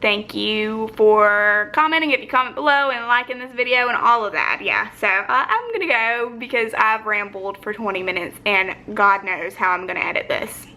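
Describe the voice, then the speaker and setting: A woman's voice: medium pitch, moderate pace, few pauses, pushed and bright. A young woman vlogging casually at home, rambling and reflective, with lots of filler "likes". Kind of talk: casual personal vlog. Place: home, sitting on the floor. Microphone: phone or camera, battery low.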